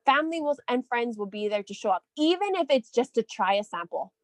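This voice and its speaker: A woman leading a team call, coaching her sales team in an energetic, chatty way, often checking in with "right?". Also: fairly high pitch, brisk, no room sound.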